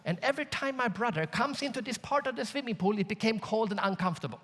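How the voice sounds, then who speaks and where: Giving a conference keynote, a man tells a joke-filled story and addresses the audience directly in an animated way. His voice is high and fast, and large hall reverb colors the recording.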